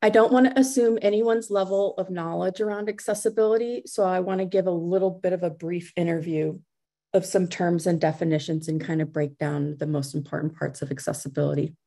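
A woman's voice: lowish voice, fairly even intonation, a little fast, dark tone. A middle-aged woman giving a conference talk over a video call, speaking conversationally with fillers and restarts.

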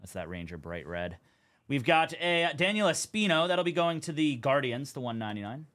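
A man's voice: mid-range voice, sing-song, fairly quick, fairly bright tone. A young man hosting a live card break stream, chatting casually as he calls out cards and teams.

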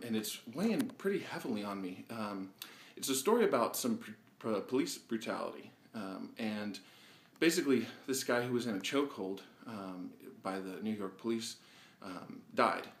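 A man hosting his own video blog, speaking earnestly and reflectively with many pauses and fillers, a little out of breath. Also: lowish voice, expressive. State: slightly out of breath. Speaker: vlog host. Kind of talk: personal video monologue. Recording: roomy echo.

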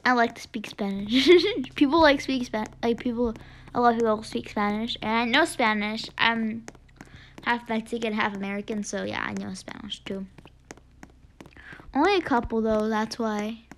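A woman giving chatty gameplay commentary, excitable, gasping often and dropping into whispered asides. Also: a little high, moderate pace, slight background noise. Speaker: gaming video creator.

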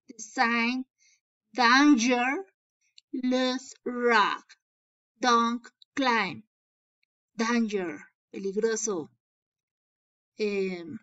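Slow woman teacher reading aloud. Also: fairly high pitch, fairly bright tone, dull audio. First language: Spanish. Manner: slow, explaining and translating into Spanish. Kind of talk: reading a story aloud to children.

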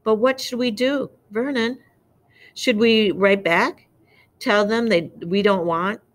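A woman's voice: medium pitch, fairly even intonation, measured pace, voice pushed up, lightly acted. A woman voicing an anxious, fussy middle-aged aunt in a storybook reading, speaking in a quivering, alarmed voice.

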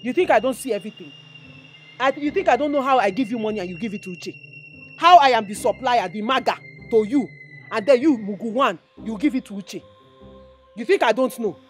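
An actress with a Nigerian accent playing a sharp-tongued fiancée who confronts the man she is to marry, mocking and scolding him in a Nigerian movie drama. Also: on the high side, animated, fairly quick, close to an everyday voice. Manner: mocking, scolding, switches into pidgin taunts. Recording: faint background music score.

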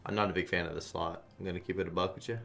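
A man commenting casually on a slot game stream, swearing a lot and swinging between flat muttering and loud outbursts. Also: low-pitched, very fast, vocal fry, soft background music.

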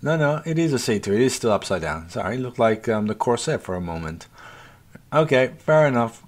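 A man's voice: medium pitch, big pitch swings, a little fast. A man hosting a let's play, chatting casually to viewers as folks, swearing freely and muttering at the game as he goes. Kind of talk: casual gameplay commentary.

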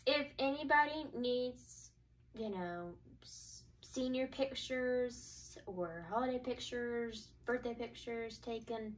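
A young woman in easy conversation, her voice picked up from some distance away from the mic. She talks in a relaxed way, restarting and trailing off, and keeps murmuring mm-hmm while her friend speaks. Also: fairly high pitch, slow. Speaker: co-host. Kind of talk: casual chat.

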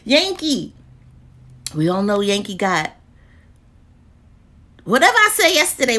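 A woman, chatting casually about deals in a lively vlog, with lots of exclaiming and laughing. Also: fairly high pitch, measured pace, pauses often. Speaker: deals vlogger. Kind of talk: casual live chat.

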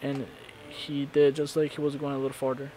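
A man preaching a sermon, retelling scripture stories in a halting way and often repeating his words. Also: medium pitch, monotone, background noise. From Florida congregation. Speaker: pastor.

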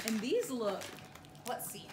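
A woman gushes to her dog in slow, sing-song baby talk that swoops high and low. Her voice sits a little high. The sound is roomy and echoey, with steady noise behind it. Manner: cooing baby talk to a dog, often laughing. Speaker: vlogger. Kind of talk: casual vlog talking to a pet.

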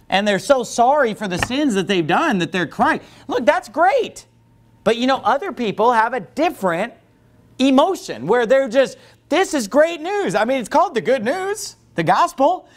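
A man preaching a sermon as pastor, animated, acting out quoted voices and often restarting. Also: high voice. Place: church.

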